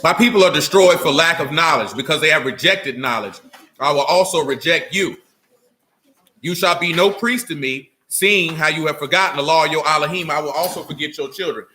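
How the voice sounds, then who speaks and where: A man leading a scripture lesson for a small group, asking questions and drawing out words slowly, with a stern, scolding manner. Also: on the high side, sharp tone. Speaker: teacher of a small religious assembly. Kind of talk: scripture teaching with questions to listeners.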